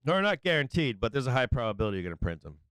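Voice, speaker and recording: A man hosting a live stock market stream, giving brash, excitable trader banter as prices move. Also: mid-range voice, very fast, clear, resonant tone, no room sound. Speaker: stock market livestream host.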